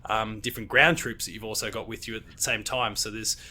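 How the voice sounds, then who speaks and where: A man's voice: on the low side, steady tone, fast talker, sharp tone. An Australian man hosting a casual gaming podcast, rambling with lots of fillers and restarts. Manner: rambling, hesitant with many fillers. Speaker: podcast host. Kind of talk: casual chat.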